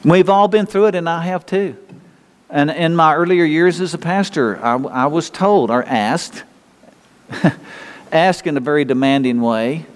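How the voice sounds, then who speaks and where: An older man delivers a folksy, rambling sermon, circling back and restarting his sentences as he talks to his congregation. His voice sits a little high for a man. The long reverb of a church hall trails behind every phrase. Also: a little slow. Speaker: pastor.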